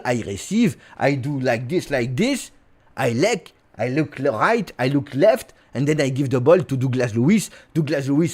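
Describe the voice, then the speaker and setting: A man putting on a playful young footballer with a thick French accent, who coaxes and teases in animated, swinging tones. He drops French words into his English as he sells his plan. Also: mid-range voice, voice pushed down, close to an everyday voice. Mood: explaining. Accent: put-on French. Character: chatty young male French footballer recruiting a teammate.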